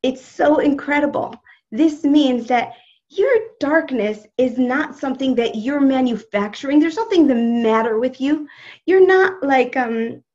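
A woman teaching a live online religious class, expressive and speaking straight to her listeners, answering their chat comments, over dull video call audio. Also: high voice, unhurried.

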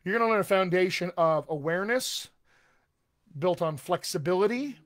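A man's voice: sits high, lively intonation, moderate pace, fairly bright tone. A man working as a dialect coach, giving a live-streamed talk in an upbeat, conversational way and speaking straight to his viewers.

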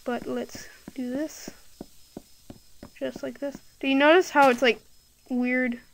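Woman gamer, unhurried and rambly, casual commentary over a hissy computer mic. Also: sits high, fairly even intonation. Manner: rambling, thinks aloud, many filler "like"s. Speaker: gameplay video creator.

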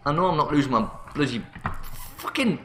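Male let's-play host, animated and sharp-toned, panicky, swears freely. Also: fairly high pitch, a little fast, a little hiss or hum. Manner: panicky, self-mocking, swears a lot. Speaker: gaming channel host. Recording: roomy sound with faint music.

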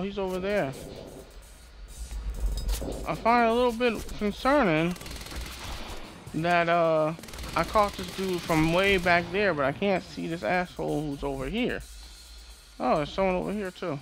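A man's voice: high voice, unhurried, pauses often, a bit bright. A man casually commentating a shooter game as he plays, swearing and trash-talking the enemies. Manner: profane, frustrated trash talk at enemies. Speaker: gameplay streamer. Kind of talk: casual let's-play commentary. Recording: game music playing underneath.

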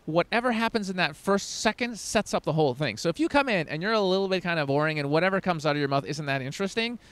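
A man in his thirties coaching on first impressions, talking emphatically and swinging into loud demonstrations. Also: high-pitched, quick pace, clean tone. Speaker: dating coach. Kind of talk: energetic coaching talk to camera.

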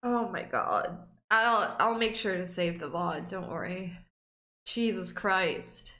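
A woman's voice: fairly low pitch, lively intonation, slow pace, pushed and bright, roomy sound. A young woman streamer reacting on a casual stream, emotional, teary and swearing freely.

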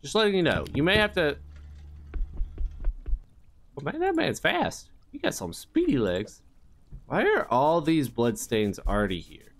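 A man narrates his horror game playthrough in a jokey, rambling way, feigning innocence as he goes. His voice sits a little high and swings widely in pitch. He breaks into sing-song sound effects now and then. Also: wildly swooping pitch, normal speed. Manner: mock-innocent asides. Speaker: gaming youtuber. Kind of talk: comedic let's play commentary.

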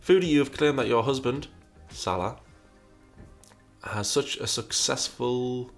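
A man with a lowish, creaky voice reads viewer questions on his casual commentary show and answers in a rambling, wry way, restarting often. He's feeling burpy after breakfast.

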